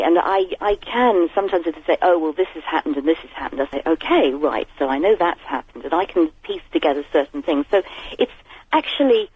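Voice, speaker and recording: A woman's voice: low voice, slightly rough. A woman calling in to a radio show, chatting in a rambling, giggly way over the phone. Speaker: caller. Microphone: telephone. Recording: muffled phone line.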